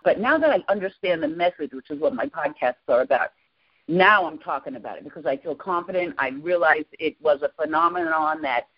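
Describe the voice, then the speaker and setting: A woman in her sixties, a podcast guest, excitedly and emotionally telling a personal story. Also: sits low, fairly quick, breathy edge. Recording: lo-fi podcast audio.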